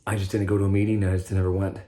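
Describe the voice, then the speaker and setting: Low-pitched guy vlogging about his life, cussing a lot, keeps restarting sentences. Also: level tone, racing, warm tone. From Nebraska. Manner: rambling, profane, stop-start with many restarts. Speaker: vlogger sharing recovery story. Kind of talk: unscripted personal monologue.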